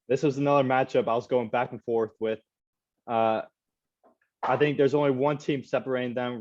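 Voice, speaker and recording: A man's voice: mid-range voice, a little mellow. A man co-hosting a casual sports podcast, hesitant and full of fillers as he makes his picks. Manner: hesitant, many fillers, laughs easily. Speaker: podcast co-host. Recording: slightly dull lo-fi recording.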